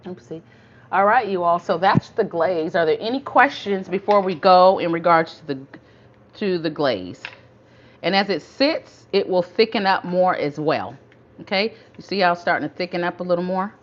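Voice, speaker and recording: Older lady doing a live cooking stream, real low voice, chatty and folksy, kinda muffled lo-fi audio w/ faint hum. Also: normal speed. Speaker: cooking livestream host. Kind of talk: casual live cooking chat.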